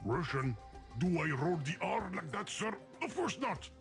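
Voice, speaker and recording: An actor voicing an anxious, fussy game program with an odd foreign-sounding accent, talking in a fretful, pleading way. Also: male voice, high-pitched, big pitch swings, measured pace, gravelly, full character voice. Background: game music.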